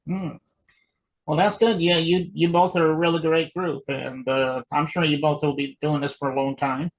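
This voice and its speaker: A man hosting an interview show, friendly and halting, with many pauses. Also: fairly high pitch, level tone, rough recording. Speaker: show host. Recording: faint background noise.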